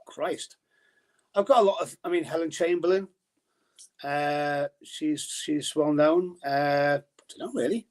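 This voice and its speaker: A man's voice: on the high side, steady tone, a little slow, darkish tone. Chatty, rambling man on a podcast. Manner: chatty, rambling with many restarts. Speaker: podcast guest, darts journalist. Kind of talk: casual podcast chat.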